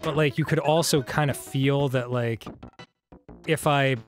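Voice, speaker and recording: A man's voice: mid-range voice, fairly even intonation, measured pace, soft background music. A man co-hosting a casual let's-play, telling a rambling story full of "like" and swearing. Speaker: co-host.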